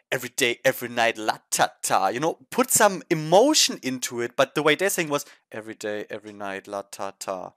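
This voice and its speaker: A man's voice: mid-range voice, fairly bright tone, no echo. A man with a German accent co-hosting a podcast, bluntly giving his opinions on performances in casual chat. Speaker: podcast co-host.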